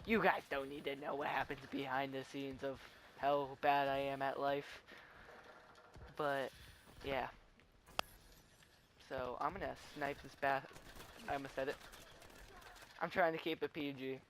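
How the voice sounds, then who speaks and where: A teenage boy rambles through live commentary on his gameplay in a medium-pitched, flat voice, unhurried and broken by long pauses. He chats away and tells stories that keep restarting, with background noise behind him.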